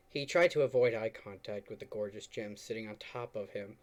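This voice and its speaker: A podcast co-host chatting casually and reading fan fiction aloud, animated and swearing freely. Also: medium pitch, fairly quick, few pauses.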